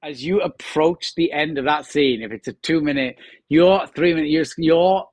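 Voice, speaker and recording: A man in his fifties talks shop as a guest on a podcast, with a slightly high-set voice. He tells stories with relish and slips into the voices of directors and crew. The sound is dry and close, with no room around it. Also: moderate pace, no echo. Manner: animated storyteller acting out quotes. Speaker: actor guest. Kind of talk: casual podcast chat.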